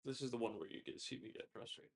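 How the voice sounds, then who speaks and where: Woman with a very low voice, dry teasing remarks, casual chat. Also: animated, rapid-fire, vocal fry.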